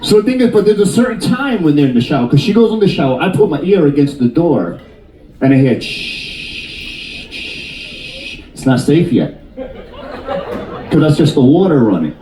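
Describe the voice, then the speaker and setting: A man's voice: a little high, fairly quick, far from the mic, slight background noise. Stand-up comic, man, 50s, teasing crowd work, roomy off-mic sound. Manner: animated, jokey, teasing the audience. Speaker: stand-up comedian. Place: cruise ship theater.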